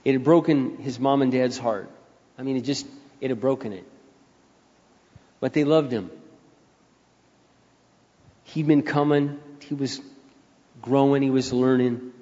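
An older man preaching a sermon as pastor, moving from quiet storytelling into loud, rising appeals. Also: mid-range voice, steady tone, a little slow, pauses often. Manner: emphatic preacher who swings between soft storytelling and loud rising appeals. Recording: dull sound with long hall reverb.

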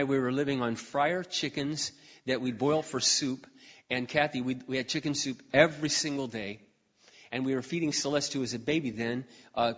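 A middle-aged man preaching in a large hall, his voice trailing off into a long reverb. He tells his story earnestly, clears his throat often, and now and then surges into fervent cries. The recording sounds slightly dull and muffled. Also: mid-range voice. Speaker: pastor. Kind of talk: sermon.

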